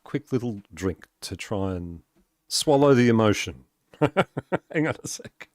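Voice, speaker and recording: A man's voice: fairly low pitch, expressive, measured pace, a little mellow, no room sound, studio quality. A man chatting casually on a gaming live stream, rambling with many fillers and restarts and chuckling often as he talks. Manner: chuckles often while talking.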